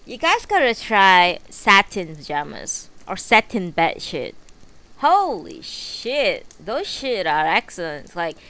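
Slow, rambling woman streamer. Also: on the high side, pushed and bright, clean tone. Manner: rambling and profane, with many fillers. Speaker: live streamer. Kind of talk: casual chat before a book reading. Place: her bedroom, at home.

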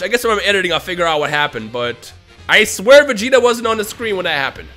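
A man commentating his own mobile game pulls for a video, swinging between low grumbling and shouted, exasperated outbursts. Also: sing-song, fast talker, soft background music. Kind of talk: gaming vlog commentary.

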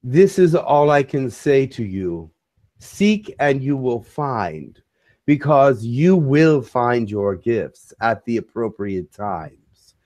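A man channeling a spiritual message to a small community, speaking in a measured, solemn way. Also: medium pitch, lively intonation, darkish tone.

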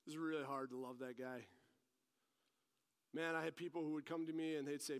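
A man's voice: on the high side, little pitch movement, fairly quick, long pauses. A male pastor delivering a sermon that mixes teaching with personal stories, talking animatedly and pressing his points with rising emphasis. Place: church service. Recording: long reverb of a large hall.

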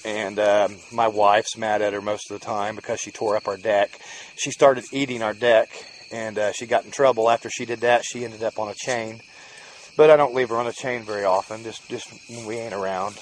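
A middle-aged man with a lowish voice and steady tone rambles folksily at a moderate pace in a home video, cooing at his dogs as he tends them in a rural yard. The low-quality recording carries some hiss or hum, with faint crickets and outdoor ambience behind him.

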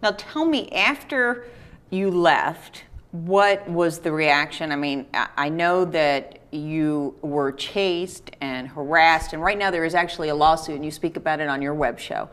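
A woman interviewer asking questions in a halting, hesitant way. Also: low-pitched, fairly bright tone, clean tone.

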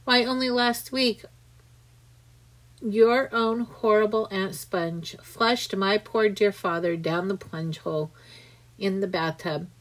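A woman's voice: mid-range voice, slow, natural voice, rough recording. A woman reading aloud and voicing a mournful, proper female spider who sighs over her lot. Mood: sorrowful. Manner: mournful, sighing.

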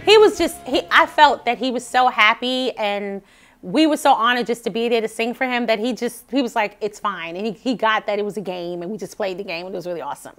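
A woman vocal coach talking chattily in a casual vlog, animated and often laughing. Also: on the high side, fast talker, faint music behind.

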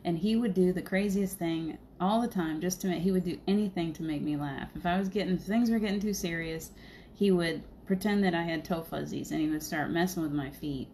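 A woman's voice: on the low side, brisk, mellow, a little hiss or hum. Chatty, laughing woman streaming live. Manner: chatty, laughing often, rambling. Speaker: spiritual medium, livestream host. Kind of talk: casual livestream chat.

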